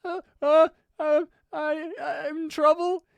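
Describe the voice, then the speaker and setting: A player voicing a panicky, overdramatic stocky boy camper in a tabletop role-play, pleading in a high, frantic voice. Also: little pitch movement, takes it slowly, no echo. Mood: panicked.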